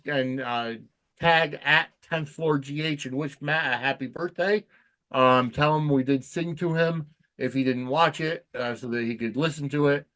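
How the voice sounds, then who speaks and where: A man co-hosting a casual chat podcast, talking in a halting way with many "um" fillers. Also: medium pitch, fairly bright tone. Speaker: podcast co-host.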